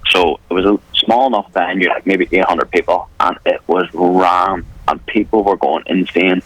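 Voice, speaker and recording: A man's voice: deep voice, a bit bright, no echo, rough recording. A young man with a Northern Irish accent, an MMA fighter confidently and bluntly answering interview questions over the phone. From Northern Ireland. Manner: confident, blunt, swears casually. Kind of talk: phone interview on talk radio.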